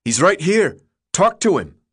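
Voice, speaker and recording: A man voicing a grim, quiet teenage boy. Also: mid-range voice, sing-song, moderate pace. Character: grim, solemn teenage boy, calm leader.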